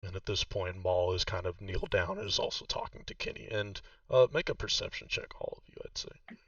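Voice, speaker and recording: A man's voice: low-pitched, fairly quick, no echo, distant mic, dull audio. A man narrating a tabletop game as game master, hesitant and full of fillers. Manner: hesitant, many fillers, relaxed.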